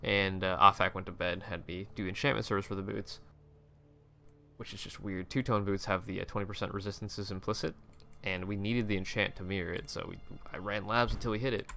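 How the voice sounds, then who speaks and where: Brief: young male gamer, low gravelly voice with a bright edge, loose, profane commentary, faint music behind. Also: steady tone, fairly quick. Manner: rambling, swears often, lots of restarts. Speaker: gaming video creator. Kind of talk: casual commentary over game screenshots.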